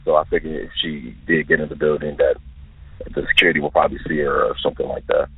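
A man's voice: very deep voice, flat delivery, quick pace, gravelly, husky, no echo. A man in his twenties carefully recounting an eerie personal encounter in earnest detail. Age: 20s. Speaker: listener sharing an encounter. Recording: tinny dry phone-line recording.

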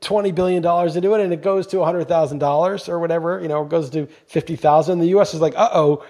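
A man's voice: on the high side, fairly even intonation, quick pace, dark tone. A man co-hosting a podcast, talking emphatically in casual chat and swearing freely when he gets going. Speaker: podcast co-host.

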